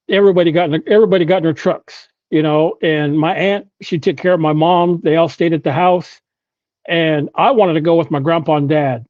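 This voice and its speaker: A man's voice: fairly high pitch, dry recording, dull audio. A man from Oklahoma, a podcast guest, telling a personal story with frequent "you know" and restarts.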